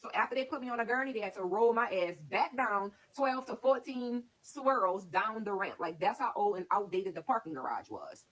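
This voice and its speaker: A woman's voice: mid-range voice, animated, moderate pace, hardly any pauses, a bit bright, poor audio. A woman casually telling her own life story to her stream viewers, candid and rambling, with lots of "like". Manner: candid, rambling, heavy use of "like". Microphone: streaming setup.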